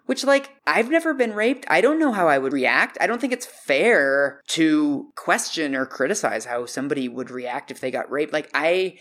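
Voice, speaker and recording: A man's voice: fairly high pitch, moderate pace, hardly any pauses. A man co-hosting a podcast, recounting anecdotes in casual conversation and briefly acting out the voices of the people in them. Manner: animated anecdote-telling, acting out quoted voices. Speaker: podcast co-host. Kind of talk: casual storytelling.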